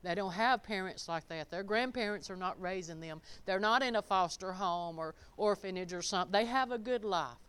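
A middle-aged woman preaching a sermon in a folksy, emphatic way, swinging from loud declarations to quiet, chuckling asides. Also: mid-range voice, normal speed, few pauses, clear, resonant tone.

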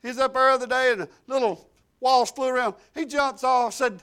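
High-voiced older preacher. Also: male voice, a little fast, clean tone. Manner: folksy storytelling, swings from quiet asides to loud emphatic declarations. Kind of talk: sermon.

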